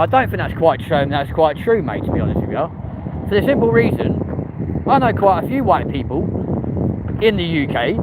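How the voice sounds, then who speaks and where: A man from London with a London accent, chatting casually on a live stream and bantering with viewers' comments in slangy replies. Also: high voice. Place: outdoors on a busy city street. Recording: loud street traffic noise.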